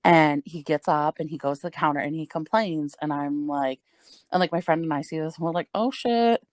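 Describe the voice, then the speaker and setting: A woman's voice: low voice, level tone, fairly quick, no echo. A young adult woman co-hosting a podcast, telling a story in a rambling, casual way full of "like" and swearing. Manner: rambling, heavy use of "like", frequent swearing and laughs. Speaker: podcast co-host.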